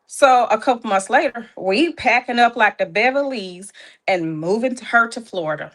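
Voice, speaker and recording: A woman's voice: medium pitch, animated, normal speed, a bit bright. A woman speaking as a proud mother, emotional and fighting back tears as she gives a heartfelt spoken tribute. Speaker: guest's mother giving an introduction.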